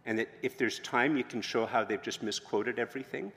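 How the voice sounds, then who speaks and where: A man, a pastor, preaching a sermon in a conversational way that rises to loud, emphatic proclamations. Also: medium pitch, brisk. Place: church hall with long reverb. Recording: reverberant church hall.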